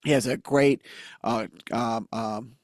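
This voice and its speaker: A man with a speech impediment hosting a casual podcast, animated and laughing at his own jokes. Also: medium pitch, slow pace, no echo, studio quality. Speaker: podcast host, comedian.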